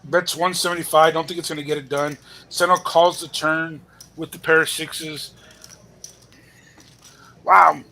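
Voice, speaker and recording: Bright-voiced male poker commentator. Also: on the high side, flat delivery, normal speed, poor audio. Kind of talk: live play-by-play commentary.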